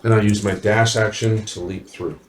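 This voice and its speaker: A man's voice: on the low side, steady tone, moderate pace. A man playing a tabletop game, hesitant and repeating words, recorded in an echoey room from a distance. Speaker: player. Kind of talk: in-character tabletop play.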